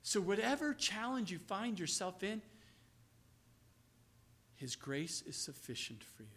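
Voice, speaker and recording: A man preaching a sermon as pastor, swinging from loud, emphatic lines to hushed, low passages and slowing to stress key words. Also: a little hiss or hum. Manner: acts out quoted voices, slows on key words.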